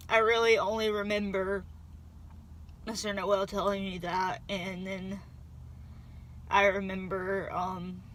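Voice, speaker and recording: A young woman vlogger telling a painful personal story, halting and restarting, on the verge of tears. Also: mid-range voice, a bit bright, slight background noise. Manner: halting, with many restarts and trailing pauses.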